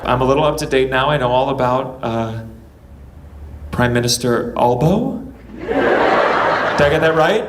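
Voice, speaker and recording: A man's voice: mid-range voice, moderate pace, long pauses. A man from the United States, doing a stand-up set and crowd work on a club stage, often stammering and restarting. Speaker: stand-up comedian. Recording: echoey club with loud noise. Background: audience laughter.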